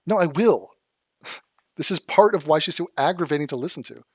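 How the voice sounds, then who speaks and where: A man's voice: a little high, animated, moderate pace, breathy edge, dry recording, clean studio sound. A man from Los Angeles doing sarcastic, profane reaction commentary, mocking clips he reacts to. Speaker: commentary youtuber.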